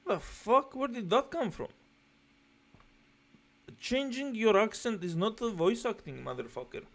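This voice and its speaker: A man's voice: high-pitched, animated, unhurried, creaky. A man giving profane, exasperated commentary while reacting to a gameplay video. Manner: exasperated, sweary, mocking.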